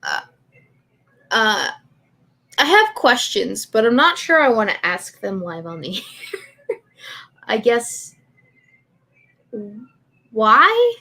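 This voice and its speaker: A woman's voice: on the high side, big pitch swings, takes it slowly, long pauses, bright, forceful tone. A woman hosting a livestream, chatting casually, teasing her guest and laughing often. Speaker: stream host.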